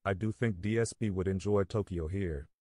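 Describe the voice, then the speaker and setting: Low-voiced man reading donations. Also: normal speed, mellow, dry recording, clean studio sound. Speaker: reads donation messages.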